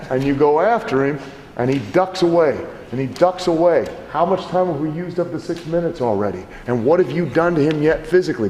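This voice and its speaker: A middle-aged man coaching wrestlers, critiquing matches and acting out scenes with swearing. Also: on the high side. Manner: animated, profane, acts out scenes. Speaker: wrestling trainer. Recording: echoey hall, faint background noise.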